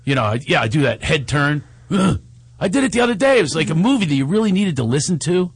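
A man co-hosting a casual chat show, telling stories in an animated, exasperated way and laughing often. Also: a little high, fast talker, breathy edge, no room sound. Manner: animated storytelling with frequent laughs; exasperated ranting. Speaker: podcast co-host.

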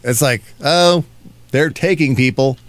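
A man hosts a radio talk show, keeping the chat casual. His voice sits at an everyday middle pitch and he slips in playful teasing as he goes. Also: a little slow. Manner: teasing, joking.

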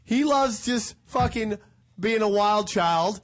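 Brief: high-pitched male comic co-host, crude and teasing, casual chat. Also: slow.

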